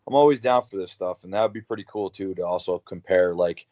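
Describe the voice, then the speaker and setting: Deep-voiced young wrestler, rambling. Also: male voice, fast, dark tone. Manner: rambling, lots of like and uh, blunt. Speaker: wrestler, guest. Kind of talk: casual interview.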